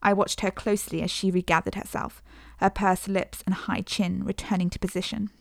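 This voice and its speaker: A woman's voice: medium pitch, flat delivery, a little fast, gravelly, no room sound. Woman narrating a story, dry and close. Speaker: audiobook narrator. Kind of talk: scripted first-person narration.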